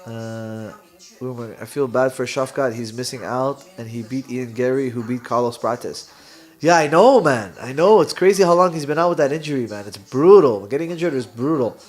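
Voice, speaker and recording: A man's voice: medium pitch, moderate pace. A young man with a Canadian accent hosts a live watch party, chatting casually, reading viewer comments and laughing often.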